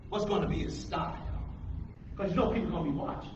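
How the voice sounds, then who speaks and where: A man preaching a call-and-response sermon to a congregation, animated and calling out questions for them to answer. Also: high voice, brisk, noisy background. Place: church hall with a congregation. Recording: echoey room from far off, dull lo-fi.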